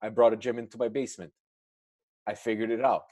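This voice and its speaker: A man's voice: fairly low pitch, level tone, fast talker, a little mellow. A man in casual podcast chat, earnestly telling a weight-loss story and giving motivational advice.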